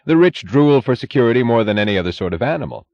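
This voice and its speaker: A man reading an audiobook, voicing a cynical middle-aged scientist who speaks lazily and slowly with pointed emphasis. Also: mid-range voice, big pitch swings, lo-fi sound, voice pushed up. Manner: lazy, slow, pointed emphasis.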